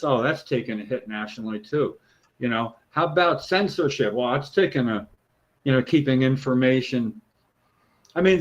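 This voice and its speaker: A man's voice: a little high, highs cut off. A man, a show co-host, talking casually about politics, outraged and emphatic, swearing freely. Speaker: podcast co-host, patient rights advocate. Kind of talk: heated casual political talk.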